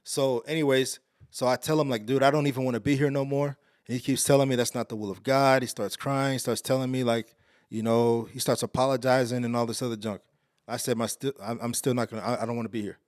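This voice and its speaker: A man from Texas, a podcast guest, telling a story in a casual, slangy, animated way. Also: fast, no room sound, studio quality. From Alief, Houston, Texas. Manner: animated, slangy, getting louder and higher as the story builds.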